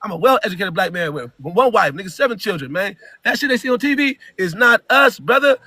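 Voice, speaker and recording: A man from California ranting loudly over a video call in a rambling, emphatic slang-heavy style. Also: high-pitched, lively intonation, brisk, no echo. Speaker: caller. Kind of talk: heated rant.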